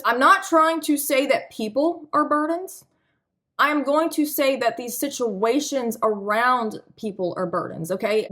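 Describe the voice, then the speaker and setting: A woman's voice: on the high side, fairly bright tone. Chatty woman with a raised voice. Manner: chatty, earnest, addresses viewers as y'all, laughs often. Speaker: spiritual card reader. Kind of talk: casual spiritual reading to camera.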